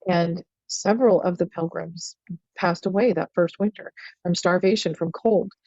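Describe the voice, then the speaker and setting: A middle-aged woman telling a story as a podcast guest, earnest and animated, often restarting her sentences. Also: on the low side, moderate pace, no room sound. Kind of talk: storytelling in conversation. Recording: dull, lo-fi and dry.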